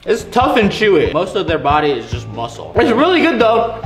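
Young man, high lively voice, excitable food vlogger, echoey room, background music. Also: moderate pace. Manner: excitable, chatty, lots of tasting noises. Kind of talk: casual food taste-test vlog.

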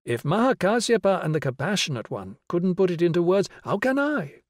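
A man's voice: high-pitched, big pitch swings, brisk, dry recording, studio quality, pitched above the performer's own voice. A man reading the part of a patient, playful young male teacher who explains and questions a class of children. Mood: questioning. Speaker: schoolteacher. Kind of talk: audiobook character reading.

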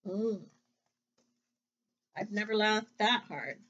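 Woman teacher, storybook read-aloud, slow and gentle, lo-fi sound. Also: mid-range voice. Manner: gentle, chatty, explaining to children.

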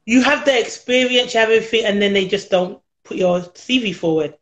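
A woman's voice: mid-range voice, fairly quick. A British woman chatting about her work as a nanny in an interview, laughing often and acting out what people said. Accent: British English. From United Kingdom. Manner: chatty, laughs often, acts out quoted voices. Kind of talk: casual interview chat.

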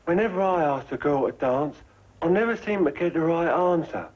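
An actor playing a naive, simple-minded young soldier in a 1950s film comedy. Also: male voice, fairly high pitch, animated, moderate pace, darkish tone, slightly rough. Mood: earnest. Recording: muffled 1950s film soundtrack.

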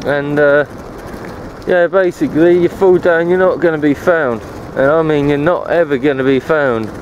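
Male cycle-touring vlogger, slightly high voice, loose and profane, talking to a handheld camera outside with faint background noise. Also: steady tone, normal speed, lo-fi sound. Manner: rambling, swears freely. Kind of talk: casual chat while riding. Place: outdoors on a rural cycle path. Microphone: handheld camera while cycling one-handed.

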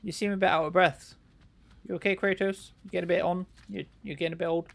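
A man's voice: high-pitched, flat delivery, fast, vocal fry, fairly bright tone. A man giving sarcastic, chatty commentary while playing a video game and talking back to its characters. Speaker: let's play gamer. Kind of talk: casual gameplay commentary.

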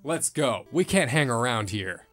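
A man commenting on a retro game as he plays, swearing and reacting loudly. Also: medium pitch, animated, measured pace, soft background music. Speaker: gameplay streamer. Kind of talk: excitable let's-play commentary.

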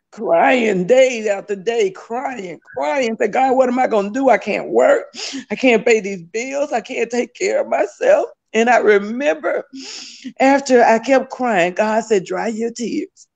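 Gravelly woman giving fervent testimony. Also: on the high side, measured pace, a little mellow. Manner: fervent, tearful, repetitive. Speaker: testimony speaker. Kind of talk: spoken religious testimony. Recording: dull lo-fi recording.

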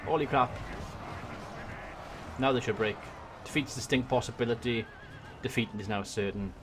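A man from Wales with a Welsh accent, giving excitable let's-play commentary on a strategy game into a desk microphone, swearing and muttering to himself as he plays. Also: mid-range voice, normal speed, a little hiss or hum. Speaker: gaming YouTuber. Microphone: desk USB microphone.

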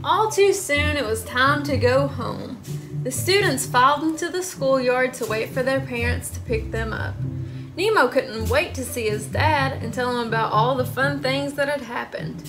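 A woman librarian reading a story aloud to children in an animated way, asking them questions. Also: sits high, normal speed, over music.

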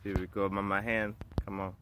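A man's voice: deep voice, little pitch movement, fairly quick, a bit bright, slight background noise. A man casually vlogging in an office, laughing often and talking in slang. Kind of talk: casual vlog chat. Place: indoors in an office.

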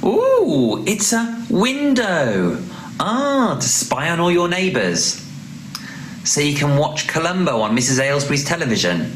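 A man's voice: on the high side, huge pitch swings, moderate pace. A man teaching phonics with a puppet, teasing and full of mock surprise. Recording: echoey room with background noise.

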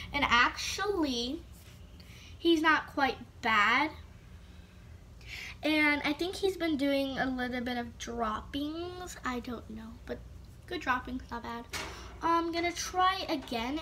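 A woman's voice: high-pitched, unhurried, sharp tone, slight background noise. A female vlogger chatting casually to the camera, rambling with lots of fillers and restarts.

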